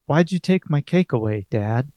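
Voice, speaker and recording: A man voicing a sulky, dangerous young son who speaks in a flat, accusing way. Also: mid-range voice, normal speed, no room sound, close to an everyday voice.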